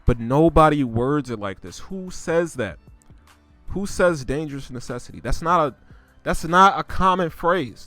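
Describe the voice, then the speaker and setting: A man casually ranting on his own channel, swearing freely and using slang, his voice climbing higher and louder as he gets worked up. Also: big pitch swings, normal speed, no echo, faint music behind. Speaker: host reviewing rap lyrics. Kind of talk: casual rant.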